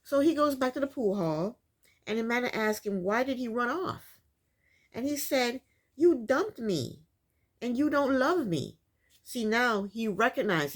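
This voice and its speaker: A woman host recapping a reality TV episode in casual commentary, incredulous and repeating her points for emphasis. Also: mid-range voice.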